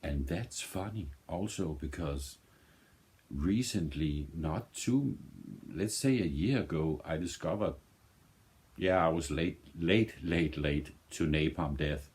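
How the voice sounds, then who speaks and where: Speaking slowly in a very deep, slightly mellow voice, this man from Denmark chats aimlessly in English on his vinyl music vlog. As a native Danish speaker, he often backtracks and reaches for words.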